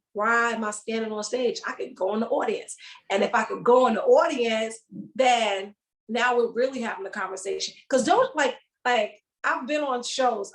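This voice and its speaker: Animated comedian woman, higher voice. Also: low-quality recording. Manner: animated, acts out voices and sounds. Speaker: comedian, guest. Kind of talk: casual chat.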